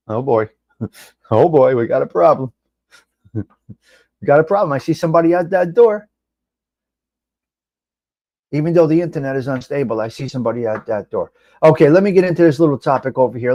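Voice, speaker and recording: A high-voiced, middle-aged man rambles through a casual live chat on a webcam mic. His pitch swings widely as he calls out viewers by name and drops the odd curse. The sound is dry and close. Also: dry recording. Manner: animated, rambling, swears, addresses chat by name. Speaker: live show host.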